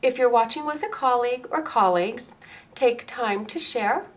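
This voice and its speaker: A woman presenting a recorded teacher-training lecture on phonics, explaining each point slowly and deliberately, step by step. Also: on the high side.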